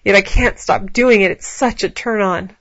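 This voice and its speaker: A woman's voice: mid-range voice, moderate pace, fairly bright tone, no echo, dull audio, lightly acted. Woman doing a whiny, submissive young woman. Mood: pleading. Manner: whining, breathy pleading.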